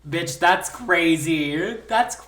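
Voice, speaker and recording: Low-voiced woman co-host, lively and blunt, cracks jokes. Echoey room. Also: drawn-out words. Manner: blunt, joking reactions with swearing. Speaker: podcast co-host. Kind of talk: casual chat, reacting. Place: indoor podcast setup.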